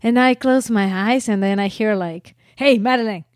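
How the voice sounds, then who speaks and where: A woman's voice: medium pitch, normal speed, no echo. A woman in her thirties, a mother, telling a family story in casual chat and acting out what people said. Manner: animated storyteller, acts out quotes.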